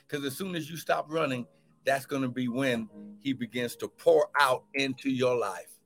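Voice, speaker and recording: A man preaching a live-streamed sermon, reading scripture and exhorting with shouts, repeated calls and exclamations. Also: mid-range voice, moderate pace, faint music behind.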